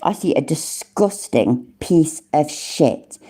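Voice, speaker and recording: A woman in her forties hosts a livestream while a little tipsy from drinking, chatting casually, swearing freely, and laughing a lot. Her voice is low-pitched, dark, and slightly rough, expressive but unhurried.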